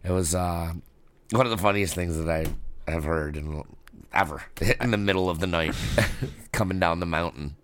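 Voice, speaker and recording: A man casually telling a funny story in a relaxed chat, laughing often and acting out the people he quotes. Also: sits low, moderate pace, a little hiss or hum. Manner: laughing, animated, acts out quoted voices.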